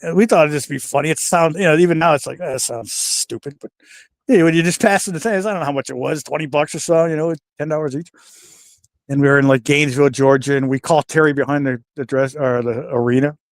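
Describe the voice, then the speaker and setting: An older man with a fairly high voice spins backstage stories in a relaxed, chatty way. He slips into the voices of the people he quotes and swears freely. His voice is recorded close and dry, with no room sound. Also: quick pace, dry recording. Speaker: retired pro wrestler, guest. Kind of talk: casual storytelling interview.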